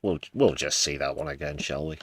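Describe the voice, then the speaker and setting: British man, very low voice, dry close sound, mocking and sweary livestream host. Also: a little fast, slightly rough, no room sound. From United Kingdom. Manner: sarcastic, laughing, sweary. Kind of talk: mocking news commentary.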